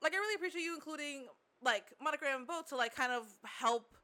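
A woman's voice: sits high, fast, pushed and bright. A woman co-hosting a podcast, talking casually and animatedly with many fillers. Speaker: podcast co-host. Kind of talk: casual chat.

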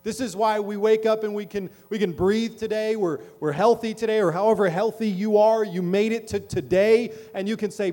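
A man's voice: sits high, fairly even intonation, normal speed, hardly any pauses, dark tone. A middle-aged man preaching a sermon as pastor in a church, talking conversationally and often checking in with the congregation. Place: church sanctuary.

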